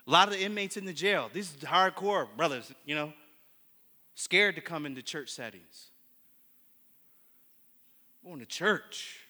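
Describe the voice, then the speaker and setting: Man, pastor, high and very bright voice, restarts and repeats words, hushed then emphatic, long church reverb. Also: unhurried, pauses often. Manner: swings from hushed to emphatic preaching. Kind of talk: sermon with personal testimony.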